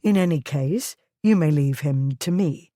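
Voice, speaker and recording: A woman's voice: low voice, measured pace, dark tone, dry recording, clean studio sound. A woman reading a cool, assured nobleman.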